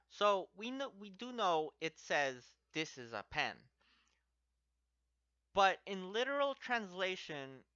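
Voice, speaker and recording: A man's voice: fairly high pitch, sharp tone, clean tone, no room sound. A man teaching a language lesson step by step, patiently repeating each example word twice as he explains. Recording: dry, slightly dull lo-fi recording.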